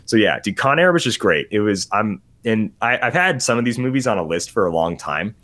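A man's voice: on the low side, big pitch swings, a little fast, fairly bright tone. A man chatting casually on a podcast about movies he watched, rambling, getting sidetracked and laughing often. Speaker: podcast host. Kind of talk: casual movie review chat.

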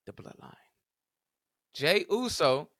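Animated man with a lively voice. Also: fairly high pitch, slow, no echo, studio quality. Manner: animated, puzzled, playful. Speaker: podcast co-host. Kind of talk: casual chat.

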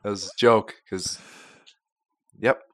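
A man co-hosting a comedic podcast, teasing with deadpan, low-key quips. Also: takes it slowly, dry recording, studio quality. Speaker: podcast co-host. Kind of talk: casual comedic podcast chat.

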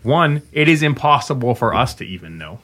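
A man's voice: medium pitch, sing-song, fairly quick, fairly bright tone, slight background noise. A man hosting a casual podcast about game updates, chatty and rambling with many fillers, sometimes slipping into a radio-announcer tone. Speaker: game developer podcast host.

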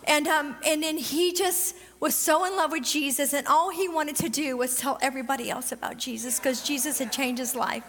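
A middle-aged woman preaching a sermon and telling a personal testimony in an animated way, with quick bursts and drawn-out emphasis. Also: high voice, long reverb tail.

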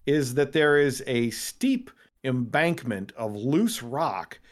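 A man narrating as game master of a tabletop role-playing game, telling the scene vividly with sudden jumps in pitch. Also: very animated, slow.

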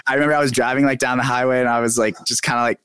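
Animated young man, dry close sound. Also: medium pitch, rapid-fire, clean tone, dry recording. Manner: animated, fillers like "like" and "dude". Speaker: podcast guest. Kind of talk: casual chat.

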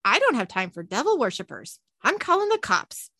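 A woman's voice: a little high, wildly swooping pitch, a little fast, sharp tone, dry recording, full character voice. A woman reading the lines of a prim, indignant churchgoing woman. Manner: light read-aloud of quoted lines.

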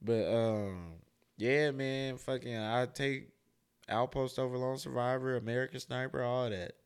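A young adult man co-hosting a casual podcast, swearing freely and getting loud and worked up. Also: mid-range voice, steady tone, a little slow, clear, resonant tone. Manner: loose, profane, gets loud and worked up. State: sleepy from drinking. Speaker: podcast co-host.

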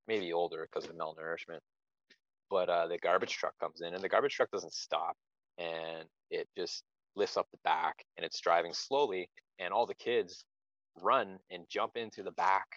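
A man's voice: low voice, a bit bright, no room sound. A man telling a war story in casual podcast chat, blunt and plain-spoken. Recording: dry, slightly dull lo-fi audio.

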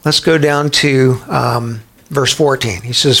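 A man preaching a sermon in a conversational, animated way, acting out quotes and prayers as he teaches. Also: mid-range voice, slow, breathy edge. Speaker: pastor.

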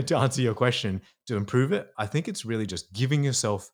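Speaking at a brisk clip in an expressive, mid-range voice, a male psychologist earnestly explains ideas during a podcast interview. At times he slips into performing inner voices.

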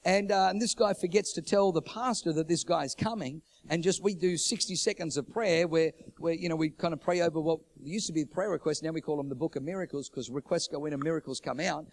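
A middle-aged man preaching a sermon, moving between loud, fervent declarations and hushed, low storytelling, repeating phrases for emphasis. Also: a little fast, few pauses. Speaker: pastor.

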